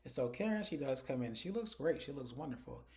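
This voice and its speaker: A man's voice: mid-range voice, expressive, fairly quick, darkish tone. A man giving a casual recap of a TV episode, retelling it chattily through quoted dialogue. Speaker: TV episode reviewer.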